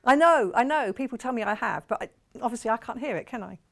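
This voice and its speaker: Woman shopping-channel presenter, Portsmouth accent, slightly high voice with a gravelly edge, chatty and gushing, TV studio. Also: lively intonation, fast. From England. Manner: chatty, rambling, gushing over products.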